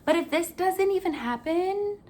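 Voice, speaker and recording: A young woman hosting a vlog, talking in a casual, earnest way with lots of filler words and an upbeat, animated delivery. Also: very high-pitched, unhurried. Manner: chatty, earnest, full of "like" fillers. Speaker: vlog host. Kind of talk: casual life-update chat.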